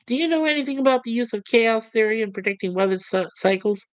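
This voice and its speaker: A woman voicing a chirpy, pushy male toaster obsessed with bread, in a cheery sing-song pitching manner as she reads out sitcom scenes. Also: lively intonation, quick pace, no room sound, close to an everyday voice. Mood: wheedling.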